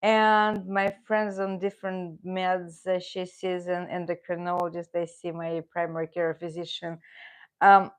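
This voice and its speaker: A woman with a Russian accent, chatting casually with viewers on a livestream, halting with many fillers and restarts. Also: on the low side, little pitch movement, clear, resonant tone. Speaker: livestream host.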